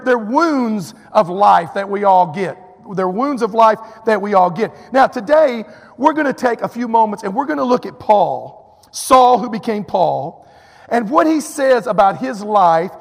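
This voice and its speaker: A man from Texas preaching a sermon in a high, gravelly voice, telling a personal story in an animated way and acting out each person's lines. He often drops in "you know" asides. His voice rings out with the long reverb of a church hall. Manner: animated, acts out quotes, drawling fillers.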